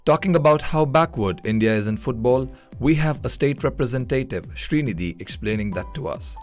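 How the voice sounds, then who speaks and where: A man's voice: medium pitch, lively intonation, moderate pace, faint music behind. A man who is a sports reporter, reading scripted news narration in a formal manner.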